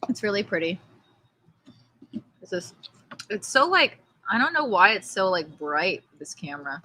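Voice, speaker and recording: Chatty bright-voiced young woman livestreaming. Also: mid-range voice, big pitch swings, a little slow, a little hiss or hum, rough recording. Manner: chatty and rambling, thanks viewers by name. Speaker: livestream host. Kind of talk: casual livestream chat, reading aloud. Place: outdoors in front of her house. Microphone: laptop or webcam mic.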